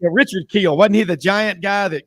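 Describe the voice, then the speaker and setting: A man hosts a sports talk show, his voice a touch high and the sound dry and close. He talks in a chatty, rambling way and laughs easily. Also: moderate pace, fairly bright tone, no echo.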